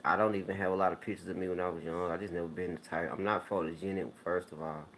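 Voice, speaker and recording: A man hosting his own YouTube channel, telling stories to viewers in a relaxed, rambling way with plenty of slang. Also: low voice, quick pace, slight background noise. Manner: laid-back, rambling storytelling with slang. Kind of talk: casual talk to viewers.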